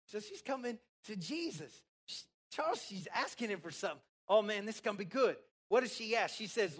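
Expressive and husky in a mid-range voice, a preacher stretches out emphatic words in a sermon that moves between loud and soft. The congregation is questioned and led to repeat phrases.

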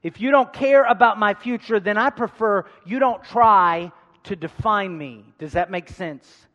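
A man preaching a sermon, calling out to the congregation for responses and swinging between loud emphasis and hushed asides. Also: high voice, a little slow, muffled recording. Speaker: pastor. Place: large church hall. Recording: long hall reverb.

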